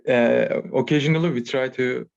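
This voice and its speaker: A young man from Turkey speaks English with a Turkish accent at an ordinary pitch. He gropes for words with many fillers and restarts. His voice comes through slightly dull, like lo-fi call audio. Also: fairly even intonation, vocal fry. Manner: hesitant, halting with many fillers. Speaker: podcast guest. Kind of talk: casual chat.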